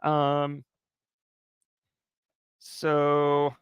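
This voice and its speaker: A man's voice: fairly high pitch, very slow, clear, resonant tone, dry recording, studio quality. A man hosting a livestream, chatting casually with viewers, laughing often and reading a story aloud. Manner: chatty, lively, laughs between remarks. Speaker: livestream host.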